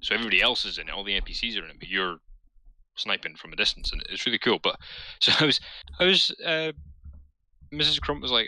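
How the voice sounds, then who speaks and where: A man co-hosting a podcast, talking in a casual, animated and sweary way. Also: lowish voice, fast, pauses often, no echo, poor audio. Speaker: podcast co-host. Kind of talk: casual chat.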